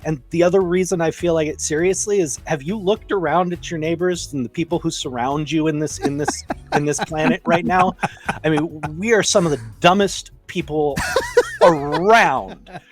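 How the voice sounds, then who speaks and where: A man co-hosting a casual news chat, sardonic and skeptical in his remarks. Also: a little high. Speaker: co-host.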